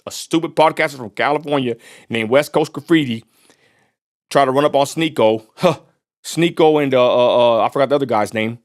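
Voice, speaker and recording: A man's voice: medium pitch, brisk. A man hosting a live stream, giving blunt, scornful political commentary with a Texan accent, rambling with frequent restarts.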